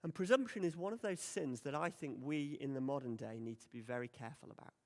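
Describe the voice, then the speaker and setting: A man's voice: mid-range voice, quick pace. Guy preaching, chatty and emphatic, echoey hall. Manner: conversational, emphatic, acts out quoted lines. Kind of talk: sermon. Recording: long hall reverb.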